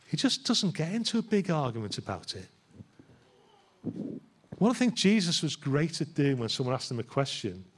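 A man's voice: fairly high pitch, husky. A man, a pastor, preaching a sermon in a church in a conversational way and asking his listeners rhetorical questions.

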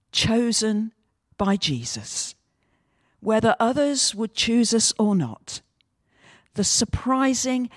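A woman pastor giving a measured, reflective sermon that weaves in a story. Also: mid-range voice, no echo, clean studio sound.

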